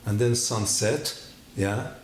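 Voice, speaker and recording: Man, testimony speaker, halting non-native English, animated storytelling, roomy echo with faint hiss. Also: lowish voice. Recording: echoey room with faint noise.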